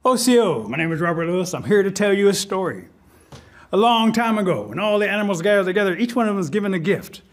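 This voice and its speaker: A man telling a traditional folk tale in an animated, expressive way. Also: high-pitched, fast talker. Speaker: storyteller. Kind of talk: oral folk storytelling.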